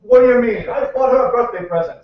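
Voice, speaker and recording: A man performing crude jokes in a comedy sketch, speaking with a gruff, bawdy manner. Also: very high voice, quick pace. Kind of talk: old-couple comedy sketch with song. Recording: echoey room, far mic, dull lo-fi, music behind.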